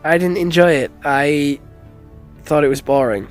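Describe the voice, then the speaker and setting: A man's voice: on the high side, measured pace, faint music behind. A man casually reviewing a film in a blunt way, swearing a lot, stumbling over restarts and calling people "dog".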